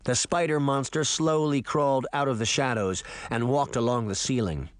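A man narrating a fantasy audiobook in a dramatic, expressive reading style. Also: mid-range voice, normal speed, no echo. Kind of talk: scripted narration.

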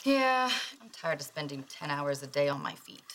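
An actress playing a young waitress and mother who jokes her way out of trouble with quick sarcastic quips. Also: deep voice, sing-song, fairly bright tone. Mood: sheepish. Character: wry, flustered young mother who fibs. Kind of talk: sitcom acting.

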